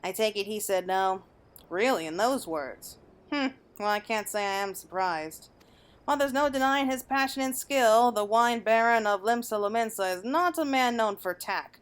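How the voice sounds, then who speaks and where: A woman's voice: on the high side, expressive, clean tone, natural voice. Woman reading as a refined blind wine connoisseur. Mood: measured. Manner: measured, refined. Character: blind retired mercenary, male wine connoisseur, calm.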